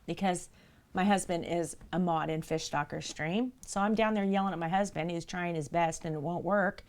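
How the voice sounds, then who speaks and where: A woman's voice: lowish voice, normal speed. A woman live streamer in casual chat, telling a story with animation and speaking straight to her viewers.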